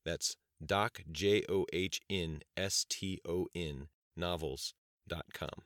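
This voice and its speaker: A man narrating an audiobook chapter in a steady, measured reading style. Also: low voice, no echo, clean studio sound. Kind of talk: scripted narration.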